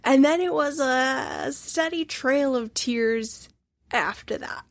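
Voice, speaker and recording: A woman's voice: fairly high pitch, no room sound. A woman hosting a solo podcast, talking through a film review in an emotional, gushing and candid way. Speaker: instructor.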